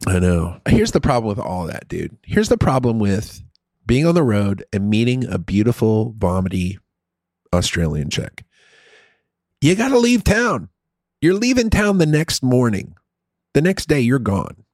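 A middle-aged man telling a story in casual chat, crude and profane with an animated, rambling delivery. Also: medium pitch, unhurried, no echo, studio quality.

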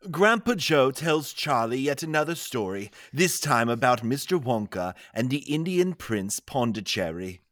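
Man narrating in a measured tone. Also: medium pitch, very animated, fairly bright tone, dry recording, studio quality. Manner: measured, announcing. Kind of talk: scripted story narration.

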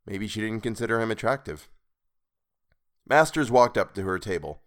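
Low, smooth, expressive male storyteller. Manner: measured, expressive reading. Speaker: podcast reader. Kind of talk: scripted story narration.

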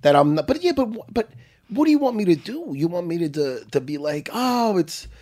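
A middle-aged man with a husky, slightly rough, darkish-toned voice tells a story in casual, profane chat. He is very animated and brisk, and his pitch swings widely as he gets worked up.

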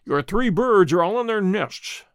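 A man reading aloud, voicing a calm, commanding male detective who speaks in a measured, deliberate way. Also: sits high, smooth, no echo, studio quality. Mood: calm authority.

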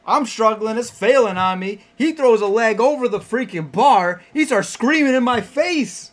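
A man's voice: very high voice, expressive, normal speed. A young man co-hosting a casual chat who keeps the show moving and tells laid-back, profane stories. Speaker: podcast co-host.

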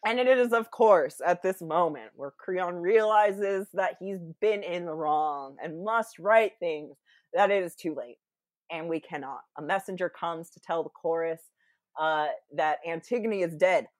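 Give me a young woman casually retelling a Greek tragedy, animated and full of fillers, on a dry recording. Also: lowish voice, measured pace, no room sound. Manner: chatty, animated retelling with many fillers and acted-out quotes.

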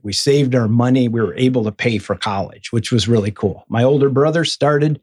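Husky man telling his life story. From Michigan. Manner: animated, acts out quoted voices with sudden high bursts. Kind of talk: casual interview storytelling.

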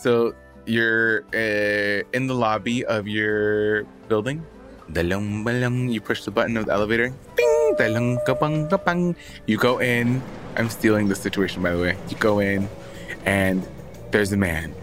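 A man's voice: on the low side, little pitch movement, normal speed, music in the background. A man co-hosting a podcast in casual chat, playful, acting out little scenes with sound effects. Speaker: podcast co-host.

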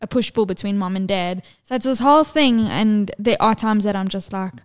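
A woman, co-hosting a podcast and telling lively, sweary stories about her toddler. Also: medium pitch, brisk. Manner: animated storyteller, swears freely, mimics her toddler's voice. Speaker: podcast co-host. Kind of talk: casual podcast chat.

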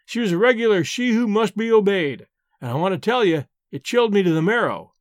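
A man narrating a story for an audiobook in a measured, deliberate way. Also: high-pitched, expressive, dry recording, studio quality.

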